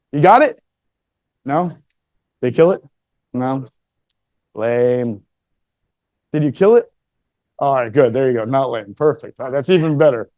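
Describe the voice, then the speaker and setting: A man's voice: fairly high pitch, a little mellow, no echo. Joking, profane man telling a story. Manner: joking, profane, chatty with the audience. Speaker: speaker telling a story to a live room. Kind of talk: casual storytelling talk.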